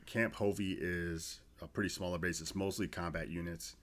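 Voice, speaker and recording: Brief: low-voiced man in his 40s, army veteran guest, swears freely while spinning casual podcast stories. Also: fairly even intonation, normal speed, a bit bright. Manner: loose, profane storytelling with restarts. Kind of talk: casual storytelling podcast chat.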